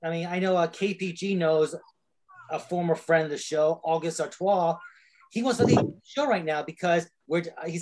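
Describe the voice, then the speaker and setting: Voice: mid-range voice, moderate pace, a little mellow, a little hiss or hum, low-quality recording. A wrestler chatting casually on a podcast, rambling with lots of fillers and swearing freely.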